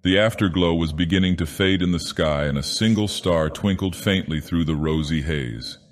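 A grand, menacing ancient god-villain, voiced by a man, reads a storybook tale in a very deep, slow, theatrical voice. Long reverb hangs behind every word, so he sounds as if he speaks from a vast hall. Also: close to an everyday voice. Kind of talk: audiobook narration in character.

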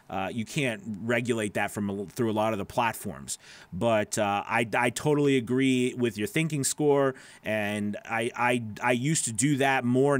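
A man's voice: mid-range voice, a bit bright, dry recording. A man, a voice actor, hosting a casual live stream, rambling with lots of fillers and restarts while answering viewer comments by name.

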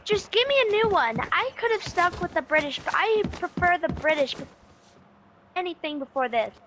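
Man doing a shrill girly robot voice. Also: lively intonation, normal speed, noisy background. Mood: whiny. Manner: squeaky, outraged, whiny. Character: robot stuck with a shrill female voice box.

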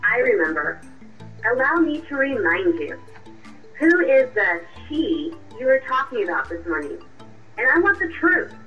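A woman voicing a sharp, confrontational young girlfriend in a radio drama, with a cutting, accusing way of talking. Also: a little high, very animated, normal speed. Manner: cutting, accusing, coolly triumphant. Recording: muffled distant voice with music.

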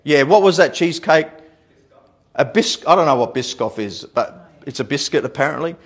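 A man preaching a sermon as pastor in a church, animated, repeating words and laughing at his own stories. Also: on the high side, moderate pace, husky. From Australia.

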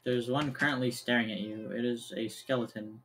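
A woman's voice: a bass voice, fairly even intonation, fairly quick, slight background noise, rough recording. A woman in casual gaming chat, blunt and swearing, asking her friends questions.

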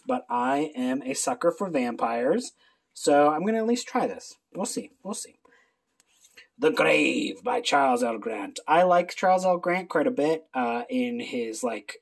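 Speaking at medium pitch, a book video creator runs through a reading list in casual, animated chat peppered with quick asides.

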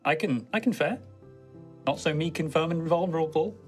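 A man's voice: a little high, moderate pace, soft background music, close to an everyday voice. A man doing a hesitant young noble, dry and a little awkward. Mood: reluctant. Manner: hesitant, wry. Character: reluctant young male noble traveller.

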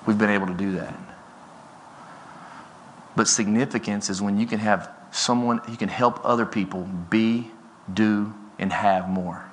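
Guy in his 40s doing a motivational keynote, bright forceful voice, lively storytelling that keeps climbing up in pitch. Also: a little hiss or hum. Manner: energetic storytelling, often rising in pitch and volume. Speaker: keynote speaker. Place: conference stage before an audience.

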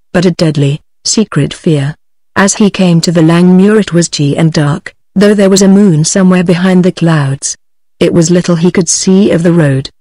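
A synthetic female voice with a British English accent narrates an audiobook in an even, computer-generated reading. It sits on the low side, and there's no echo.

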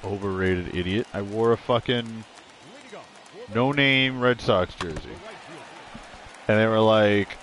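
A man's voice: fairly low pitch, slow, pauses often, a bit bright. A man giving casual, rambling commentary while playing a video game, blunt and full of swearing. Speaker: gaming streamer. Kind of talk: casual let's-play commentary.

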